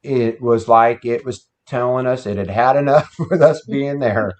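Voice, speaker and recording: An unhurried man with a medium-pitched, slightly mellow voice and steady tone tells a guest story about an encounter from his past. He's casual, plain-spoken and folksy, heard through dull lo-fi sound.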